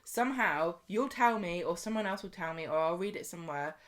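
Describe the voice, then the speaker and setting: A woman's voice: fairly low pitch, lively intonation, fairly quick. A woman co-hosting a podcast in a chatty, rambling, jokey way. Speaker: podcast co-host. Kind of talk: casual chat.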